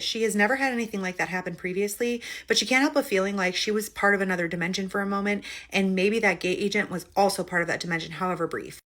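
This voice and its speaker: A woman's voice: mid-range voice, a bit bright. A woman narrating a spooky story time, retelling what people said in her own voice.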